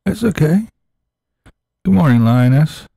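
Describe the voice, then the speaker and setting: A man's voice: a little high, sing-song, measured pace, creaky, warm tone, breathy edge, dry recording, studio quality. A man hosting a laid-back, crude morning live stream chat, talking to viewers in the chat.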